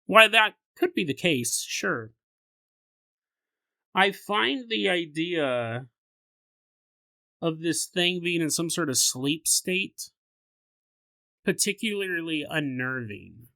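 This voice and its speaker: Animated male podcast host on a close mic, forceful bright tone, dry sound. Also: fairly high pitch, takes it slowly, creaky, pauses often, dry recording. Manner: animated, laughs often, riffs on scenarios. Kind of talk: casual storytelling podcast.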